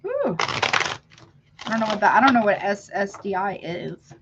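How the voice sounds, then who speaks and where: A woman's voice: mid-range voice, fairly quick, dull audio, heavy background noise. A woman giving a live tarot reading, talking casually to her viewers and calling them honey. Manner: chatty, calls viewers honey, self-interrupting. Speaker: tarot reader.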